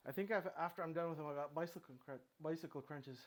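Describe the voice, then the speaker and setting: A middle-aged man at home, talking himself through a core workout with halting restarts and breathless pauses between sets. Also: a little high. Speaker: fitness vlogger. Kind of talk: casual workout narration. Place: home room with his dogs.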